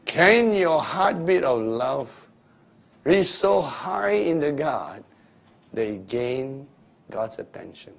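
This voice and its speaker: A man's voice: fairly high pitch, sing-song, slow, vocal fry. A man preaching a sermon and telling stories, acting out the scenes, with loose grammar. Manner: storytelling, acting out scenes with shifting voices; loose non-standard grammar.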